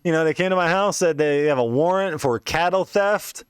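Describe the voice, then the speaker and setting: A man's voice: fairly high pitch, moderate pace, smooth, no room sound, studio quality, pitched above the performer's own voice, lightly acted. A man voicing a panicky old male crackhead inmate, frantic, profane and pleading. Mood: panicked.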